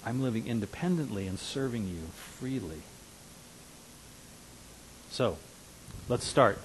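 A man in his fifties preaching a sermon as a pastor, earnest, dropping to hushed asides and rising to emphatic declarations. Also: mid-range voice, animated, slow, a little hiss or hum, rough recording. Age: 50s.

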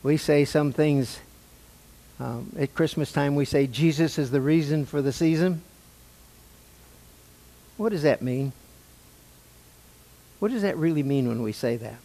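A man's voice: on the high side, measured pace, long pauses, mellow. An older man preaching a sermon to his church, asking the congregation questions in a conversational way. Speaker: pastor. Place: church sanctuary.

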